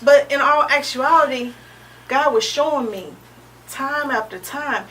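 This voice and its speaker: Bright-voiced woman, halting and earnest. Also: sits high. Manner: halting and earnest, with frequent ums and restarts. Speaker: interview guest sharing her testimony. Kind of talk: personal testimony in conversation. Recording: distant mic with faint background noise.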